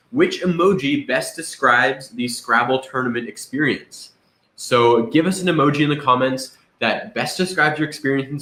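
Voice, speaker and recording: A man's voice: mid-range voice, bright, forceful tone. A man co-hosting a casual live-streamed chat, dry and teasing. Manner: dry, teasing, laughs often. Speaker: co-host. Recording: echoey room.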